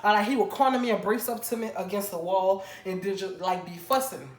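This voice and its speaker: A young woman vlogger telling a casual storytime, animated and chatty, talking straight to her viewers. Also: mid-range voice, brisk. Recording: roomy room with faint background noise.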